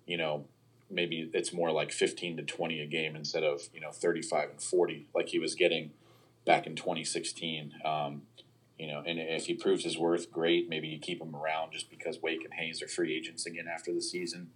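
Very deep, husky-voiced man. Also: flat delivery, normal speed, a bit bright. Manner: hedging, analytical, frequent "you know" and "um". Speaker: sports analyst guest. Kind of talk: casual football podcast chat.

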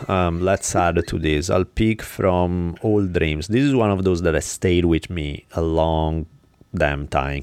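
A man's voice: low voice, slow, a little mellow, smooth, dry recording. A man hosting a podcast, telling a story in a blunt, casual, profane way. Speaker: podcast host. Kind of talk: casual chat.

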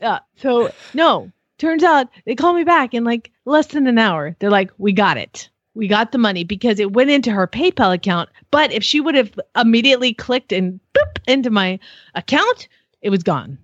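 Podcast co-host, woman, lively higher voice, dry slightly dull mic. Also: normal speed, no room sound. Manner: animated storyteller who acts out quotes in exaggerated high voices. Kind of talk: casual chat, storytelling.

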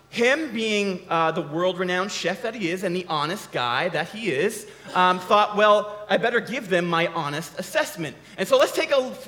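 A man's voice: high voice, sharp tone. A man giving a casual, conversational sermon, often restarting his sentences. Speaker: preacher. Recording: long hall reverb.

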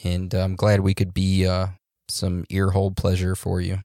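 Laid-back lowish male podcast host. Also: completely flat delivery, moderate pace, mellow, no room sound, clean studio sound. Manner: laid-back, laughs and jokes, loose fillers. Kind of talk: casual chat, reading listener reviews.

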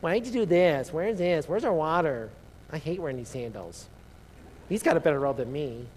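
A man's voice: a little high, expressive, normal speed, a little mellow, a little hiss or hum, close to an everyday voice. A man doing a whiny nasal grumbler. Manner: whining, petty grumbling. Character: whiny complaining ancient Israelite man.

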